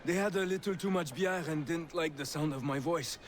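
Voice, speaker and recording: An actor with a Québécois French accent playing a friendly, talkative miner in a video game. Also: male voice, on the high side, a little fast, natural voice. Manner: chatty, friendly. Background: game music.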